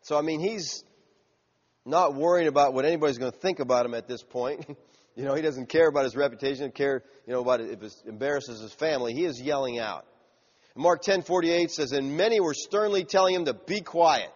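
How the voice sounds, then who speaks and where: A man preaching a sermon in a lively, animated way, now and then acting out the shouts of the people in his story. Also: fairly high pitch, brisk. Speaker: pastor. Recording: muffled sound with long hall reverb.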